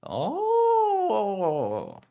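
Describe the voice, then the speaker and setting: A man voicing a playful, scheming middle-aged mother who drags her words out slowly as she bargains. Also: high voice, huge pitch swings, gravelly, phone-quality sound, pitched above the performer's own voice, exaggerated voice. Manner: slow, drawn-out and teasing.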